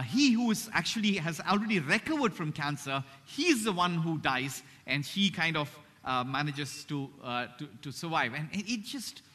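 A man preaching a sermon, earnest, slowing down and dropping to a hush on key phrases. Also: on the high side. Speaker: pastor.

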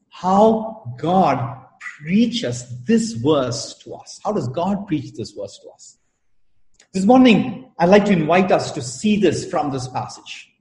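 A man's voice: fairly high pitch, darkish tone. Earnest male pastor in an echoey room. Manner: earnest, measured, with repeated words and pauses. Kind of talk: sermon. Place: church in India during lockdown.

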